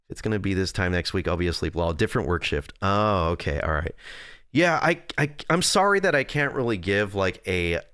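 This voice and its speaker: A young man rambles through a casual livestream, loses his thread and jokes about himself as he answers his chat. His voice sits fairly low but swings up and down all the time. He speaks close to a desk microphone in a dry room with no echo. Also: fairly bright tone. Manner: rambling, self-deprecating, reads and answers chat. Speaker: streamer.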